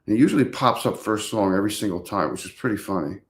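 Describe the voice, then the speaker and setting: A man's voice: fairly low pitch, expressive, fast. A man hosting a casual live stream, rambling to his viewers and talking to his dogs.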